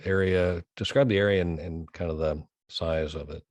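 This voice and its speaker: A man hosting an interview podcast, asking questions in a halting way with many fillers. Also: low voice, fairly even intonation, darkish tone, no room sound. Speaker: podcast host.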